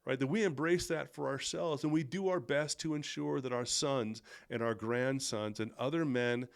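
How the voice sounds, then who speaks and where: A man's voice: medium pitch, moderate pace, gravelly. A middle-aged man hosting a faith-based monologue, earnest and at times heated, with self-deprecating asides. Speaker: podcast host.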